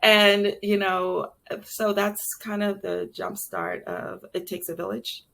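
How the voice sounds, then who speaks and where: A woman's voice: mid-range voice, steady tone, slow pace, vocal fry, a bit bright. A woman in her late forties, a chef and entrepreneur, telling her life story candidly in a casual interview, with many fillers and restarts. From Brooklyn and South Carolina. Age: late 40s.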